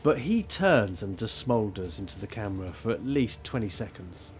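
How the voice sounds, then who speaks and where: A man running a tabletop role-playing game as game master, narrating scenes in a rambling, animated, self-mocking way. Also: lowish voice, normal speed, faint music behind.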